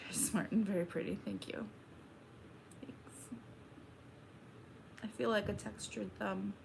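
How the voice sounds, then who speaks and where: A young woman hosting a casual livestream, reading chat aloud and chatting back in a slow, laid-back drawl. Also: mid-range voice, steady tone, gravelly, in a whisper.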